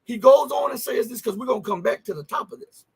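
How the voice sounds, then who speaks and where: A man's voice: very high-pitched, lively intonation, fast, gravelly, husky. A man hosting a live news commentary stream, talking emphatically and firing off rhetorical questions. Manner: emphatic, rhetorical questions, frequent "okay?" and "right?".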